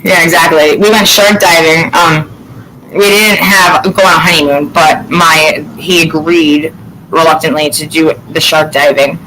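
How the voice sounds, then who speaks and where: A woman from Florida in casual chat as host, telling lively stories and swearing freely. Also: low voice, a little slow, slight background noise, low-quality recording. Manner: animated storytelling, swears freely.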